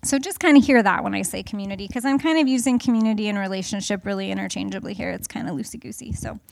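A woman's voice: medium pitch, fast talker, creaky, dry recording. A middle-aged woman giving a candid, chatty personal talk to a group, full of fillers. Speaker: speaker.

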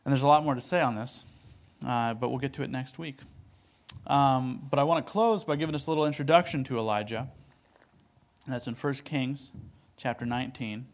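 A man teaching from scripture in an easygoing, conversational way, reading passages aloud and then explaining them in his own words. His voice sits at an ordinary middle pitch and he often checks in with his listeners. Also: normal speed. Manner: conversational, lots of "like" and "right?", reads verses aloud. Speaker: preacher.

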